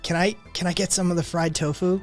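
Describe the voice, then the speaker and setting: A man's voice: sits high, fairly even intonation, fast, faint music behind, pitched above the performer's own voice, close to an everyday voice. Man voicing a stammering, shy teenage boy. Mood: embarrassed. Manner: stammering, hesitant.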